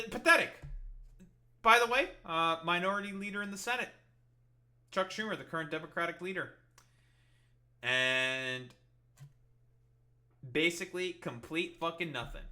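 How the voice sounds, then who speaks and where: A man's voice: fairly high pitch, sharp tone. A man giving an angry, profane and sarcastic political commentary while reacting to clips.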